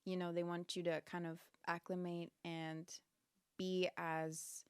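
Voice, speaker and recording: Young woman from Jamaica, playful joking guest, smooth clear voice, dry sound. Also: fairly low pitch, flat delivery, dry recording. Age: 20s. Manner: playful, jokey, quick to laugh. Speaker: guest, model and actress. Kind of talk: casual chat.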